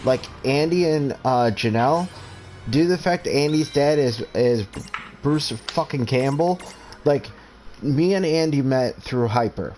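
A man's voice: medium pitch, lively intonation, unhurried, a little mellow, slight background noise. A man in his twenties with a stutter, hosting a game stream and talking in an earnest, rambling, heartfelt way. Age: 20s. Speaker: streamer host. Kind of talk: casual chat while streaming a game.

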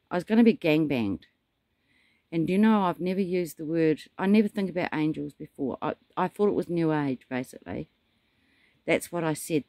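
A man's voice: fairly high pitch, a little mellow, dry recording, studio quality. A man delivering a rambling spiritual monologue, telling stories with dramatic asides. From New Zealand. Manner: meandering storyteller, dramatic asides. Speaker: self-styled prophet.

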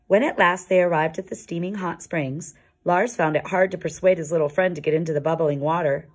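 A woman reading a children's picture book aloud in a calm, expressive storytelling manner. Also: on the low side, fairly quick, husky. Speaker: storybook reader.

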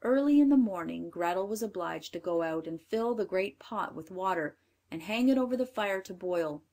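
A woman narrating a storybook in a clear, measured reading voice. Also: mid-range voice, lively intonation, a little mellow.

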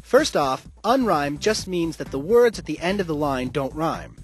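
A man with a fairly high voice narrates an educational lesson in a clear, instructive way. His intonation is animated, and quiet music plays behind him. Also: moderate pace.

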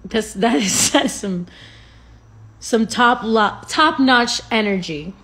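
A woman's voice: fairly high pitch, expressive, slow, a bit bright, breathy edge. A woman chatting casually on a phone livestream from home, rambling, swearing freely and laughing often.

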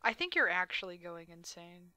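A woman's voice: fairly low pitch, very animated, normal speed, bright, forceful tone, no echo. A young adult woman streaming a game, chatting casually, teasing and laughing often and swearing playfully. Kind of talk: casual gaming chat.

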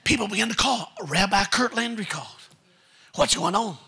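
A man preaching a sermon in a church, telling stories with folksy asides and building to shouted commands. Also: high voice, normal speed, slightly rough. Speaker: guest preacher. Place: church sanctuary.

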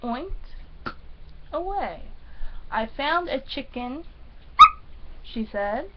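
A woman reading a picture book aloud to a small child in a sing-song way, pausing so the child can supply the animal sounds. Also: high-pitched, very animated, slight background noise. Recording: dull lo-fi home recording.

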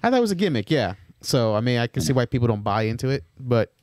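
A man co-hosting a podcast in casual board game chat, animated and telling stories by acting out how players react. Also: mid-range voice, fast, no echo, studio quality. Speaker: podcast co-host.

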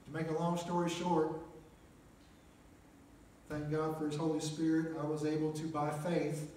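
A man's voice: a little high, monotone, a little slow, a little mellow, slight background noise. A middle-aged man preaching a personal testimony in a small chapel, in a plainspoken storytelling way with frequent "uh"s. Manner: plainspoken storyteller, many "uh" and "make a long story short". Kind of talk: testimony sermon. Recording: echoey chapel, mic at a distance.

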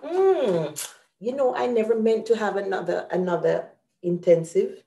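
A woman's voice: mid-range voice, expressive, a little slow, vocal fry, warm tone, roomy sound. A woman hosting an online grammar lesson, patiently explaining each example step by step. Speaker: host and teacher.

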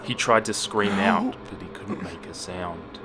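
Slow deep-voiced man narrating horror. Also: background noise. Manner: slow, hushed, dropping to near whispers. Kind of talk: scripted horror story narration. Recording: music bed under voice. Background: music.

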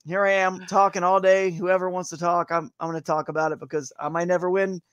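Man, high voice, upbeat, rambling, casual interview guest, dry sound. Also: level tone, quick pace, a bit bright, clean tone, no room sound, dull audio. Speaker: guest, tournament kayak angler. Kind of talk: casual live-show interview.

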